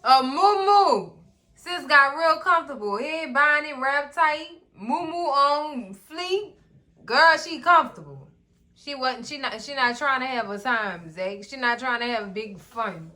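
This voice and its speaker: A woman in casual recap commentary, animated and sassy, often talking straight to the characters. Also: high voice, a little slow. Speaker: recap vlogger.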